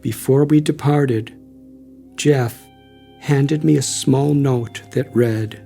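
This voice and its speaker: Older American male author-narrator, unhurried, dark and calm, faint music bed. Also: mid-range voice, vocal fry. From United States. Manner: calm, measured, reflective. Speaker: author narrating his memoir. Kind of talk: audiobook narration.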